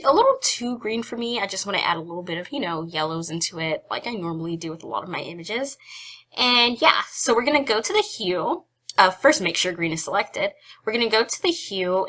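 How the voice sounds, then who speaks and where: A young woman hosts a casual software tutorial in a bright, clear voice. She stays chatty and giggly and pokes fun at herself between steps. She sounds slightly out of breath. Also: medium pitch. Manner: chatty, giggly, self-deprecating asides. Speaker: photography tutorial host.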